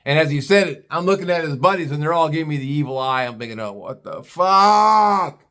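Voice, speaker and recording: Speaking rapid-fire in a slightly high, a bit bright voice, a male vlogger rants his way through a story. He's blunt, scornful and profane, mimicking others with put-on voices.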